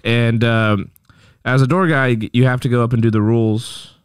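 A man's voice: mid-range voice, fairly even intonation, moderate pace, smooth, no echo. Rambling man, dry studio sound. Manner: rambling, swearing, filler-heavy. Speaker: podcast co-host, comedy club door guy. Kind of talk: casual storytelling. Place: podcast studio.

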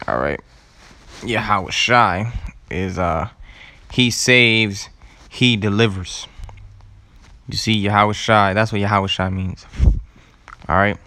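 A man with a low voice teaching scripture. He works through words slowly and deliberately, repeating them, and drops in relaxed asides as he goes. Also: no echo. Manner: casual asides with "all right" and "man". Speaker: religious teacher. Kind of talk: scripture teaching and word study.

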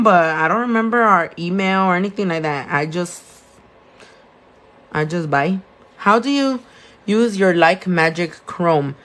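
Doing nails on a live stream, a young nail tech and shop owner with a Californian accent chats casually, fielding viewer questions and mixing Spanish words into her English. Her voice is lowish with a fairly bright tone.

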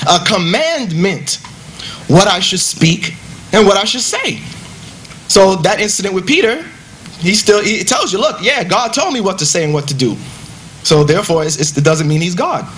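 Male debater with a high voice, emphatic and casual in delivery, rapid-fire rhetorical questions, faint hiss behind. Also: very animated, fairly bright tone. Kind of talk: debate rebuttal.

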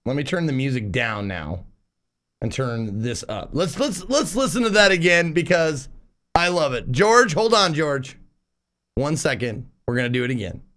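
A man's voice: on the high side, big pitch swings, moderate pace, fairly bright tone. A man casually chatting on a live stream, reading out viewer messages, swearing and laughing often. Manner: profane, laughing, reads chat aloud. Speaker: game streamer.

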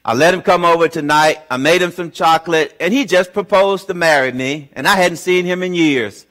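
A man's voice: normal speed, close to an everyday voice. A man voicing a young woman on the phone who is wary at first, then thrilled and amazed. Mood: excited. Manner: high, bright, incredulous delivery.

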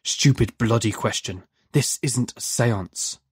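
A narrator voicing a stranded, foul-mouthed, hot-tempered man who shouts and curses. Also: mid-range voice, takes it slowly, husky, no echo, studio quality, pitched below the performer's own voice. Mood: muttering. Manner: shouting and cursing, short-fused.

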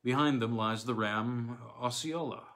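A knowledgeable young soldier patiently lists and explains, as a man reads him. His voice is plain and mid-pitched. It is a storybook reading. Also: a little slow, a bit bright, natural voice. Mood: explaining.

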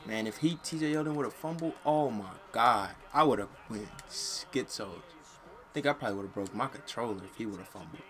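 A man's voice: on the low side, normal speed. Slangy young man ranting over gameplay. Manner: slangy, frustrated, yells and curses at the game. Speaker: gaming channel host. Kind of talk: casual gameplay commentary.

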